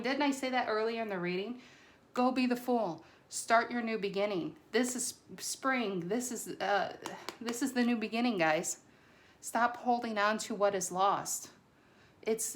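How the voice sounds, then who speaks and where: A woman talks through a tarot spread to camera in a casual, chatty way, her voice pitched in the middle range. She gets excitable and trips over her words, a little nervous about being recorded. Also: a little hiss or hum. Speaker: tarot reader.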